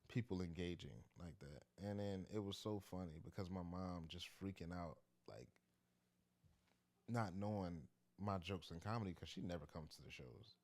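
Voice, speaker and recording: A man's voice: low-pitched, darkish tone. A man who does stand-up comedy, telling a story in a loose, chatty, slangy way. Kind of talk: casual storytelling to camera.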